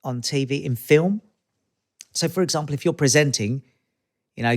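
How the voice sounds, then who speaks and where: Animated Australian man in his fifties. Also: on the high side, normal speed. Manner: animated, acts out quoted voices in anecdotes. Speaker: guest. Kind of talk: casual interview chat.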